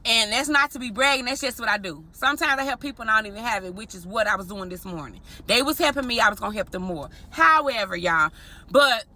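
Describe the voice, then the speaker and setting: A married woman telling an animated story straight to her viewers in a vlog, often calling them y'all. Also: on the high side, quick pace. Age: adult, married. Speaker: vlogger.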